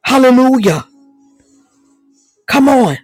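A woman preacher delivering a fervent, folksy sermon. She repeats exclamations of praise, laughs often and sometimes drops into low murmured prayer. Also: lively intonation, takes it slowly, darkish tone, slightly rough, soft background music, rough recording. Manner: folksy and conversational.

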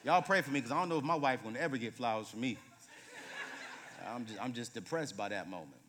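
Animated man preaching in a reverberant hall. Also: medium pitch, fast talker, slight background noise. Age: 30s. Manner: animated, humorous, swings from loud to hushed. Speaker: guest preacher. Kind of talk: sermon with storytelling. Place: church sanctuary.

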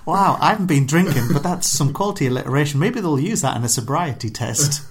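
A man's voice: fairly high pitch, lively intonation, fast, slight background noise. A man hosting a casual podcast, joking and bantering playfully into a podcast microphone. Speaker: podcast host. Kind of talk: casual chat.

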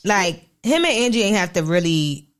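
A young woman in casual chat, animated and talking over her friend, acting out how she yells at the TV. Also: lowish voice, normal speed. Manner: animated, talks over others, acts out yelling at the TV.

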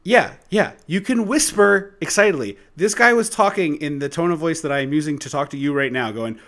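Ranting man podcast host, higher voice. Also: animated, brisk, hardly any pauses. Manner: swears and rants loudly, pitch jumping when worked up. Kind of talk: casual chat.

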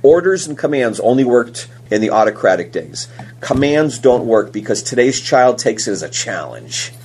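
A man's voice: mid-range voice, sing-song, normal speed, darkish tone, breathy edge. A man hosting a parenting podcast, giving casual advice and telling stories from home. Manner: anecdotal, acts out quotes in raised voices.

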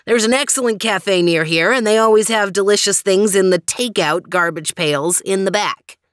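Lady doing a snooty dog, fancy and showy, pitched up a bit, dry close sound. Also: normal speed, dry recording, lightly acted. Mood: grandly pleased. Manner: flowery, theatrical. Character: vain male French dog, theatrical.

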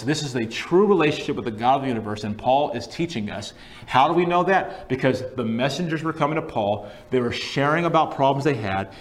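A male pastor delivering a sermon in an emphatic way, repeating key phrases for weight and dropping in conversational asides. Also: mid-range voice.

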